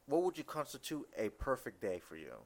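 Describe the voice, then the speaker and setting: A man's voice: medium pitch, very animated, brisk, a little mellow. A man who is a former police officer, hosting a casual podcast interview in an easygoing conversational way.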